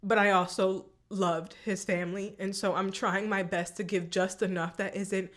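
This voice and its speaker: A woman's voice: medium pitch, little pitch movement, moderate pace, a bit bright. A woman vlogger telling a personal story in a candid, emotional way, often repeating herself.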